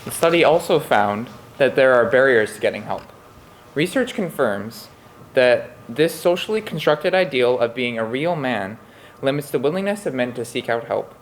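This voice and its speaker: Man, student presenter, reading prepared talk, steady, middle pitch, faint background ambience. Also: normal speed, a little hiss or hum, poor audio. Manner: steady, reads research findings.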